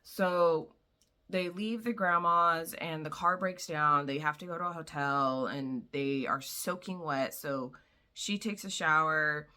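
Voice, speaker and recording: A woman vlogger casually recapping a novel, chatty and full of "like" and "you know", quietly acting out the characters' lines. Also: low-pitched, a little slow. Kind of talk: casual book summary.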